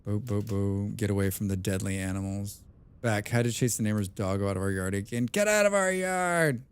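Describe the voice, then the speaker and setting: A man live-streaming a game, chatting with his viewers in a loud, excitable and passionate way. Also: on the low side, fairly quick, clean tone. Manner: loud and excitable, calls himself a passionate speaker.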